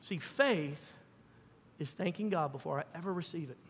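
A male pastor preaching a sermon with animated, folksy storytelling and fervent emphasis. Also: fairly high pitch, moderate pace, slightly rough, long reverb tail.

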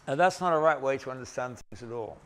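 Guy teaching a bible lecture, mid-pitch, chatty, lots of little restarts and dry jokes on himself. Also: lively intonation. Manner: conversational, with gentle self-deprecating humor; halting, with restarts and pauses.

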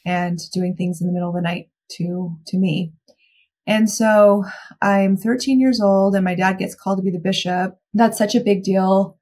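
A woman's voice: medium pitch, steady tone, normal speed, darkish tone, husky. A young adult woman giving a candid, reflective personal account as a guest in a podcast interview.

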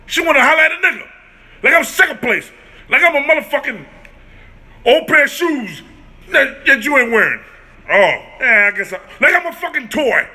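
A man's voice: very high-pitched, sharp tone. A man hosting his own comedic vlog, ranting in a brash, profane, boastful way. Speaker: host.

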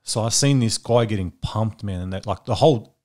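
A man's voice: lowish voice, fairly quick, a little mellow. A man, a podcast guest telling stories in casual, rambling chat full of fillers. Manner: rambling storyteller, many fillers.

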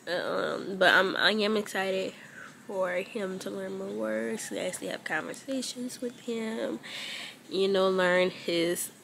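A woman's voice: mid-range voice, takes it slowly, creaky, a bit bright, slight background noise. A young woman, vlogging casually as a mother, rambling and emotional with many fillers. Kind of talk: casual vlog talk.

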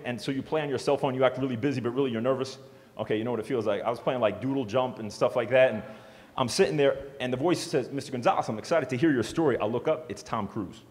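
Fast-talking man telling stories in a hall. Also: medium pitch. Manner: animated, joking storyteller. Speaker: motivational speaker. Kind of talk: storytelling speech to an audience. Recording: long hall reverb.

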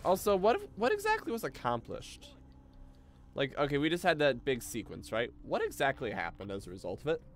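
A young man streaming a video game with casual commentary. He swears freely and breaks into loud, excitable outbursts. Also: mid-range voice, fairly quick.

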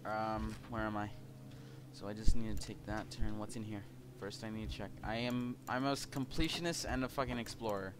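A man's voice: fairly low pitch, steady tone, brisk, noisy background. A young man from California, commenting casually on a video game, rambling with many fillers, restarts and casual swearing. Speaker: let's play host.

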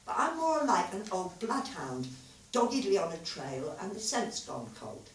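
A woman reading aloud the lines of a weary, earnest male physicist, quiet and confiding. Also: medium pitch, sing-song, a little slow, a little hiss or hum, voice pushed up. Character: thoughtful, weary male physicist, gentle lover. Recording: echoey hall, mic far off.

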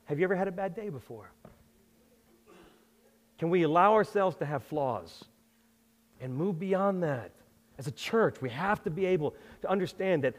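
A middle-aged male pastor preaching a sermon in a conversational, self-deprecating way, with lively asides. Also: high voice, moderate pace, pauses often. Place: church sanctuary. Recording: long hall reverb.

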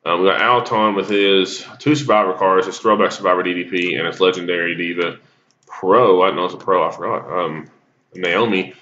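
Deep-voiced man rambling over mobile gameplay. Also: fairly even intonation, brisk, bright, forceful tone, muffled recording, slight background noise. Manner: rambling, lots of ums, coughing and sneezing. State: sneezy with a cough. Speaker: gaming YouTuber. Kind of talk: casual gameplay commentary.

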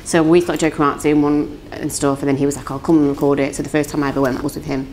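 Young woman, London accent, chatty, giggly, lower voice, faint noise. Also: little pitch movement, a little mellow. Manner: chatty, giggly, quick-talking. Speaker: singer and songwriter, interview guest. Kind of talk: casual interview chat.

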